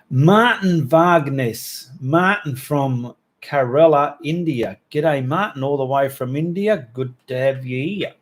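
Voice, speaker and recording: A middle-aged Australian man with a mid-range voice, hosting a casual live stream. He greets viewers by name and jokes around in broad Aussie slang. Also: mid-range voice. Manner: chatty and joking, with Aussie slang. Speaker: host reading live chat.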